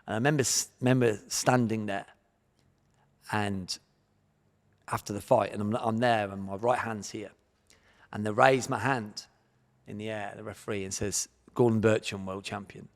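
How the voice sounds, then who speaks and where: A man in his forties with an English accent, a guest on a podcast, telling his own life story in animated bursts and acting out his past thoughts. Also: fairly low pitch, moderate pace, long pauses, in a large hall. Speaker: guest, martial arts champion.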